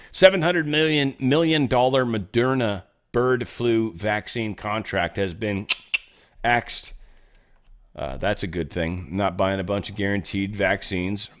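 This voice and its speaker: A man hosting a show, reading news headlines and adding sarcastic, mocking commentary in a loose, casual way. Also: fairly low pitch. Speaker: show host.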